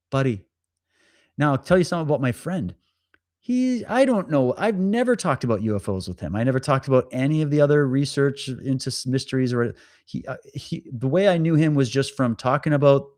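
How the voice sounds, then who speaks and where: A man hosting a livestream, telling a story in a casual, animated way, often stammering, repeating himself and acting out what others said. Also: medium pitch, no room sound, studio quality. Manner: animated, stammers and repeats words, acts out quotes. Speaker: livestream host.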